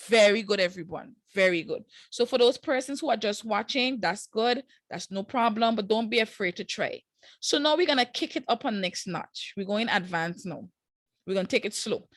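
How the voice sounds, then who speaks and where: A woman's voice: medium pitch, fairly bright tone, no echo. A woman teaching a live online math class, walking students through each step in a casual, encouraging way with slang asides.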